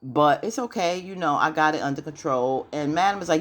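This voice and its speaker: A woman talks through a TV episode like she is gossiping with a friend, slangy and loose, peppered with "you know." Her storytelling stays lively, and she keeps sliding into little voices for the characters. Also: sits low, a little fast, slight background noise. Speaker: TV recap vlogger. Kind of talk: casual episode recap.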